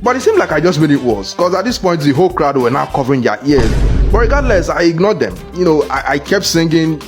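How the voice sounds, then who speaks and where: A man narrating a comedic cartoon story in first person, telling it in an animated, exaggerated, jokey way. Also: on the high side, fast, music in the background. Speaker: narrator voicing the lead character.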